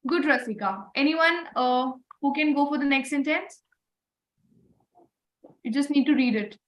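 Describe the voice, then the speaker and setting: A woman's voice: high voice, a little slow, a bit bright. A woman leading an online communication class, encouraging students and repeating praise. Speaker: voice and communication trainer. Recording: roomy echo.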